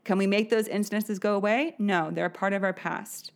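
A woman's voice: mid-range voice, steady tone, a little fast. A woman in her thirties hosting a podcast, telling a personal story in a candid, chatty way, laughing now and then. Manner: chatty, candid, often laughing, many fillers. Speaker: podcast host.

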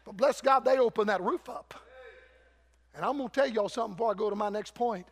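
A man's voice: high-pitched, quick pace. An older man preaching a fervent, folksy revival sermon, calling out to his congregation in a church. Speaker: guest preacher. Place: church sanctuary. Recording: long church hall reverb.

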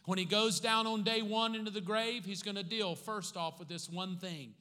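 A man with a high, bright, forceful voice preaches a sermon in a church sanctuary. He slows down to hammer home repeated phrases and tosses playful asides to the congregation. Long reverb from the big hall trails after his words. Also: steady tone. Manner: joking asides with the congregation between teaching points; slow emphatic repetition of key phrases. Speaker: pastor.

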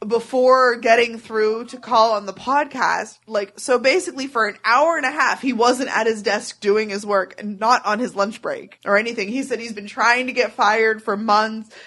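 Chatty woman, slightly high voice. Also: normal speed, few pauses, a bit bright. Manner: chatty, laughs often while telling stories. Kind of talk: casual chat.

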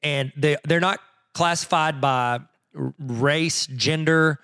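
A man's voice: fairly high pitch, slow pace, pushed and bright, clear, resonant tone, dry recording, studio quality. A man co-hosting a podcast in casual chat, joking and teasing his partner and laughing often. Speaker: podcast co-host.

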